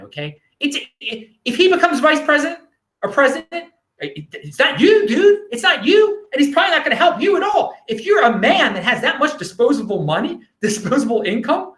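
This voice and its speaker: A man hosting his own show, talking in a loose, halting way with many restarts and fillers. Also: very high-pitched, fairly bright tone. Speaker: show host. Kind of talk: casual solo commentary.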